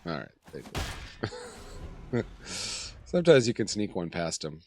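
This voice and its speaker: Hoarse man with a cold doing game commentary. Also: low voice, very animated, unhurried, darkish tone, a little hiss or hum. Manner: chatty, thinks aloud, self-deprecating laughs. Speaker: gaming channel host. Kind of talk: casual gameplay commentary.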